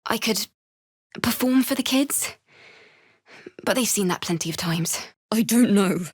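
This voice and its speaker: The earnest young bard Alfira, dry close sound. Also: female voice, mid-range voice, expressive, a little slow, slightly rough, no room sound. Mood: wistful. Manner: emotional, shifts from shy apology to sudden anger. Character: young tiefling woman bard, earnest and grieving. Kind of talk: video game character dialogue.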